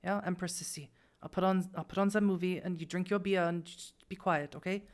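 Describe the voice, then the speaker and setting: A woman's voice: on the low side, steady tone, fairly quick, natural voice. A woman voicing a defensive male innkeeper in a tabletop game, hesitant and full of fillers. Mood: pleading.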